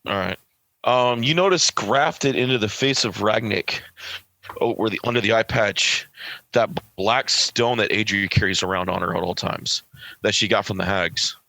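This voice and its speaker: A man's voice: on the low side, moderate pace, creaky, bright, forceful tone, no echo, poor audio. A man from California who runs a tabletop game, narrating scenes with lots of fillers and self-corrections. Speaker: game master.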